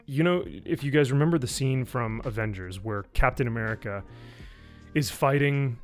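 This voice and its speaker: A man's voice: mid-range voice, normal speed, faint music behind. A man giving a casual spoken review, rambling and swearing, with lots of fillers. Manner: rambling, profane, with frequent fillers. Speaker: YouTube reviewer.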